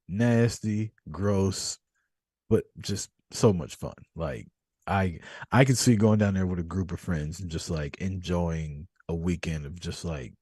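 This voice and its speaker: A man hosting a podcast, telling stories in a casual, profane, animated way. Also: low voice, breathy edge, dry recording, studio quality. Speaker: podcast host. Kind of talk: casual chat.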